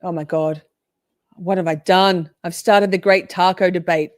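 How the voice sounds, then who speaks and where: A woman's voice: lowish voice, fairly even intonation, unhurried, dry recording, clean studio sound. An Australian woman hosting a livestream, chatting casually and reading viewer comments aloud with frequent laughs. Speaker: livestream host.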